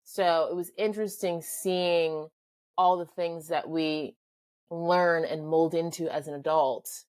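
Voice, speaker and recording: Podcast co-host, woman, slightly low voice, calm explainer in casual talk. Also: takes it slowly, no room sound. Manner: explains calmly, mimics characters. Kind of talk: casual film review chat.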